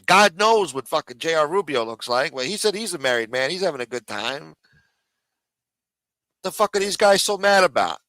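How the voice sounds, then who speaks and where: A man's voice: a little high, lively intonation, moderate pace, pushed and bright, dry recording, rough recording. A man hosting a live stream, ranting and mocking in casual, profanity-heavy talk. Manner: profane, mocking, rambling rant.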